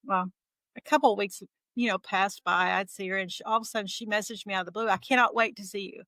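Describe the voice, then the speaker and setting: A middle-aged woman tells her own story as an interview guest. Her voice is bright and forward, and the recording is dry. She keeps things lively and slips into the voices of the people she quotes. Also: mid-range voice, fast, no room sound, poor audio. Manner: lively retelling that acts out quoted dialogue. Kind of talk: casual conversational storytelling.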